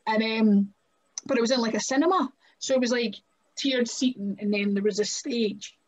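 A woman with a Scottish accent telling stories as a wrestler guest on a podcast, chatty and animated, often laughing and saying "like" and "right?". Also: fairly high pitch, normal speed. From Scotland. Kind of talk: casual storytelling interview. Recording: muffled lo-fi audio.

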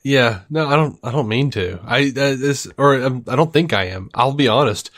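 A man's voice: mid-range voice, lively intonation, a bit bright. Chuckling male podcast host. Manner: laughs often, halting restarts. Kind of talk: casual podcast chat.

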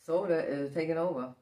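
A tired, sleepy woman hosting a casual eating show, talking slowly between bites. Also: low voice, mellow, roomy sound. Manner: drowsy, unhurried, talks between bites. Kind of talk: casual mukbang chat.

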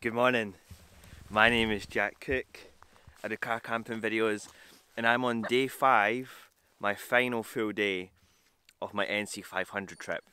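Man, travel vlogger, lowish voice, rambling self-deprecating chat, outdoors on a trail, sometimes off-mic. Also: fairly even intonation, a little slow, bright, forceful tone, clean tone. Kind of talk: casual travel vlog.

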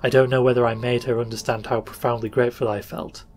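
A man narrating an old short story for a podcast in a measured, even reading. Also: mid-range voice, slight background noise. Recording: faint music bed under voice.

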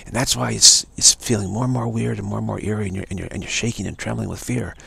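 Man, spiritual talk, extremely husky, emphatic, repetitive. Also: fairly low pitch, steady tone, quick pace, pushed and bright, no room sound. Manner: earnest, emphatic, given to repetition. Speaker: spiritual speaker.

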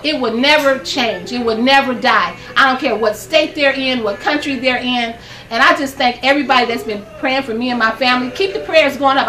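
A woman's voice: high voice, bright, forceful tone, reverberant, distant mic. An older woman hosting a gospel program from her home, giving a fervent, preachy devotional talk to camera and laughing often.

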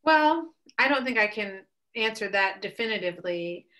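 Earnest woman speaker, thirties, bright voice, thoughtful pace. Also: mid-range voice, lively intonation, moderate pace. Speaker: guest speaker. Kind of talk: webcast talk with Q and A.

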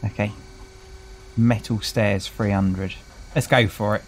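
A man's voice: fairly low pitch, steady tone, slow pace, a little hiss or hum, poor audio. A British man casually commentating a gameplay video, chatty and wry, greeting the characters he meets as he plays. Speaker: gaming channel host. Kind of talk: casual let's-play commentary.

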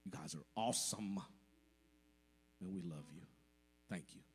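A man's voice: low voice, a little slow, slight background noise. A man giving an emotional, grateful testimony to his church congregation during a service. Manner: emotional, grateful, speaks from the heart. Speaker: church member addressing the congregation.

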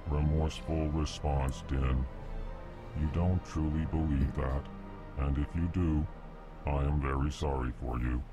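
Huge male alien diplomat, extremely deep, slow and flat, naming his feelings aloud, game music behind. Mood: courteous. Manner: prefaces each line with a stated emotion.

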